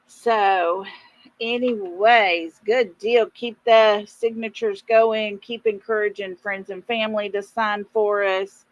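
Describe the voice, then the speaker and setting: A woman, hosting a casual live stream and chatting warmly with viewers by name. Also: mid-range voice, fairly even intonation, takes it slowly, muffled recording. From East Texas.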